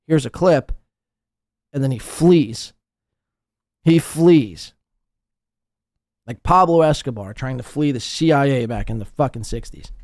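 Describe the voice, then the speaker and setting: A man hosting a live podcast, ranting with crude, sarcastic mockery and swinging between loud outbursts and muttered asides. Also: mid-range voice, a little slow, long pauses, no echo, clean studio sound. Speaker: podcast host.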